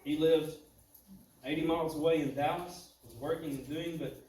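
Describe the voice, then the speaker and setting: A man preaching a sermon, telling a story dramatically, swinging between loud and hushed. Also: fairly high pitch, steady tone, normal speed. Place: church sanctuary. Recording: echoey church from far off, faint noise.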